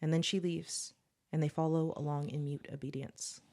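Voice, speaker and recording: A woman co-hosting a podcast, reading her own original story aloud in a steady storytelling voice, then chatting and laughing with her co-host. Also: sits low, normal speed. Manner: steady storytelling read, laughs often in chat.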